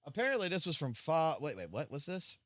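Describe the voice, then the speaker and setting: A man's voice: on the high side, very animated, a little fast, fairly bright tone, no room sound. A man casually commenting on a livestream, cursing freely and rambling with stammered restarts.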